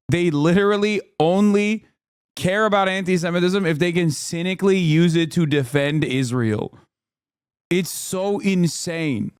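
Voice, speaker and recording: A man's voice: fairly high pitch, a little mellow, clear, resonant tone, no echo. A man reacting on a livestream, ranting with profanity and sarcasm into a close mic. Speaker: streamer reacting to video.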